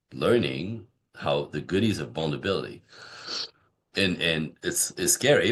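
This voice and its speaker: Guy with a really deep voice on a podcast, coaching talk, tells stories and does the voices. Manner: animated storyteller acting out dialogue. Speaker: relationship coach guest. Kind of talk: conversational podcast interview.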